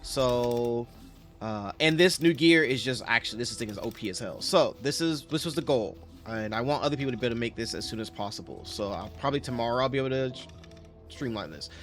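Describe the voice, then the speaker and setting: Lively, rambling man narrating gameplay. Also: medium pitch, a little fast, soft background music. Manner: rambling, self-correcting, chatty. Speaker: game streamer. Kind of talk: casual gameplay commentary.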